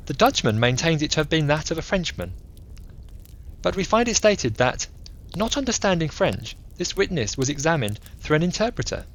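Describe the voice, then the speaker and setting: Eccentric clever detective played by a man, measured lecturing tone, raised pitch, lively inflection, bedtime audiobook. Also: full character voice. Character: eccentric brilliant male detective, coolly analytical.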